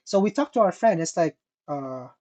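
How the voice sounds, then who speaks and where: Male podcast co-host, lively storyteller who swears a lot and acts out his quotes. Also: high voice, quick pace. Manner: animated, profane, mimics people in quotes. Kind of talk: casual storytelling chat.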